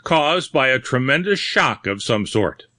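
A man's voice: medium pitch, animated, measured pace, sharp tone, no room sound, voice pushed up. A man voicing a puzzled, brusque middle-aged doctor in a storybook reading. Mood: alarmed.

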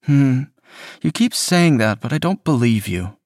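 A man's voice: medium pitch, expressive, unhurried, darkish tone, dry recording, clean studio sound, pitched above the performer's own voice. A man voicing a manipulative, decaying young boyfriend who talks in a smothering, coaxing way.

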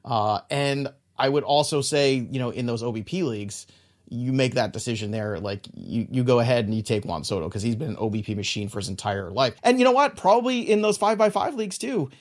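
Animated and a little fast, a man with a medium-pitched voice co-hosts a casual sports podcast. He argues emphatically and props up his points with filler phrases such as "you know" and "look."

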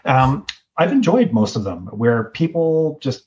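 A man who is a guest on a podcast, talking in relaxed casual chat as a self-described fanboy, with dull lo-fi sound. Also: medium pitch, measured pace.

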